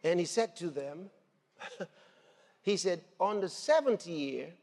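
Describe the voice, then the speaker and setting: A man preaching a sermon in an animated way, laughing and raising his voice to shouts. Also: sits high, takes it slowly. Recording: long hall reverb with faint music.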